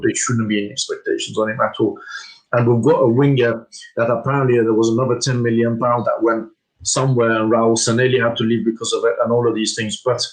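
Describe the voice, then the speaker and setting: A man co-hosting a casual fan discussion, steady and measured with a mildly frustrated edge. His voice sits at an ordinary middle pitch for a man. He talks things through at an even, unhurried pace. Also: poor audio. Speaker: co-host.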